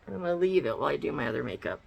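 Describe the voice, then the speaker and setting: Gravelly, lively-voiced woman vlogger. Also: sits low, very fast, lo-fi sound. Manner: chatty, blunt, swears freely. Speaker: beauty vlogger. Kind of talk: casual get-ready-with-me chat. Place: her bedroom at home.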